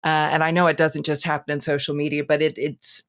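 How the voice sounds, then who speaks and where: A woman therapist guesting on a podcast, speaking in a measured, reflective way and agreeing with the hosts. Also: low voice, level tone. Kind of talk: casual podcast conversation.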